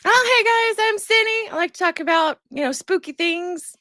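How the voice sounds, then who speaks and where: A woman co-hosting a casual livestream podcast, bubbly and relaxed. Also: extremely high pitch, normal speed, no echo, studio quality. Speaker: co-host.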